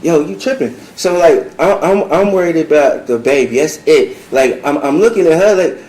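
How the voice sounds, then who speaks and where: A man telling a story in an animated, rambling way, acting out what was said with lots of fillers. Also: a little high, moderate pace. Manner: acts out quoted dialogue, rambling with many fillers. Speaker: client preparing testimony. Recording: echoey room, faint background noise.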